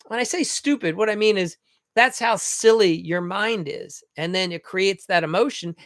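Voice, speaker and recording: A man's voice: sits high, a bit bright, no room sound, studio quality. A man coaching remodelers in a blunt, folksy monologue, acting out short back-and-forth dialogues.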